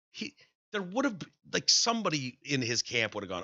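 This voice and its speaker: A man's voice: on the low side, expressive, fairly quick, sharp tone, no echo, muffled recording. A man with a Michigan accent co-hosting a podcast in casual banter, joking and acting out quotes. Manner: chatty, joking, acts out quotes. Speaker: podcast co-host.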